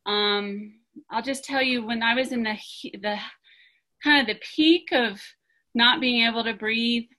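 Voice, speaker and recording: Woman, group member sharing; slow, hesitant delivery, bright tone. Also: fairly high pitch, low-quality recording. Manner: halting, searching for words. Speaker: practice community member sharing. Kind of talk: personal sharing in group discussion.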